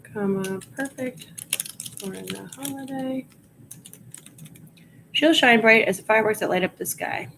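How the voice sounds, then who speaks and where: A woman's voice: on the high side, measured pace, gravelly, long pauses, noisy background. A woman with a Long Island accent chatting casually on a livestream, reading bits of her work aloud to herself as she goes. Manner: muttering and reading aloud to herself while typing. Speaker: reseller listing items live. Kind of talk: casual livestream chat while working.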